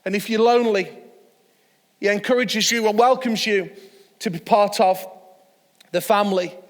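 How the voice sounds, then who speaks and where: A man with a fairly high voice leads an online church sermon and tells a story with easy chuckles. His voice carries a long, ringing reverb. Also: fairly even intonation, normal speed. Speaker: pastor.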